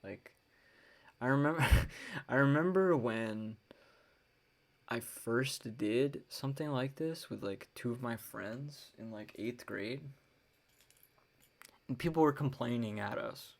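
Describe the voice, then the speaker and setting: A woman's voice: extremely low pitch, takes it slowly, vocal fry, long pauses. A young woman hosting her own podcast, talking casually on her own in a ranting, profane way with wry laughs. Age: young adult. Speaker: podcast host. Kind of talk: casual solo podcast monologue.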